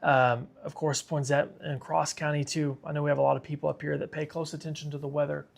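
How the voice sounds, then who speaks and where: Tired gravelly man on a weather stream. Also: fairly high pitch, flat delivery, fast talker. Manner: casual, chatty, reads viewer comments aloud. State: tired and sick, yawning. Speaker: weather livestream host. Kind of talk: live severe weather coverage.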